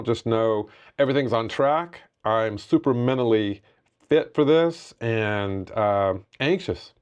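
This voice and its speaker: A man's voice: mid-range voice, clean tone, dull audio. A man giving a candid, reflective personal update in a talking-head vlog. His tone is determined, and he often restarts his sentences. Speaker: vlogger sharing a personal health update.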